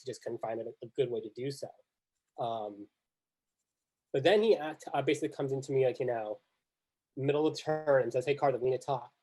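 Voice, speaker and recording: A male guest recounts his game in a relaxed, casual way. He fills the gaps with "like" and "you know" at every turn. His voice sits in a plain middle register. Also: medium pitch. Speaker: podcast guest. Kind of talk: casual chat recapping an online strategy game.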